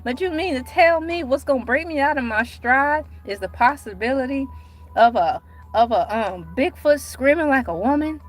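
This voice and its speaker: A woman chatting casually on her livestream, animated and dramatic, with sudden cries and mock outrage. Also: high-pitched. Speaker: livestream host.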